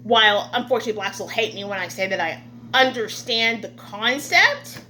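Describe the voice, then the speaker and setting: A woman vlogger talking through an indignant monologue, halting often with fillers. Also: mid-range voice, expressive, bright, forceful tone, a little hiss or hum. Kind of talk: casual opinion monologue.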